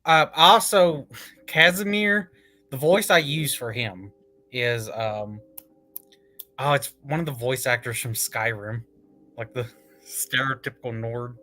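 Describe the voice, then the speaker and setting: A man hosting a casual comic review chat, excitable, laughing often and swearing casually. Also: mid-range voice, slow pace.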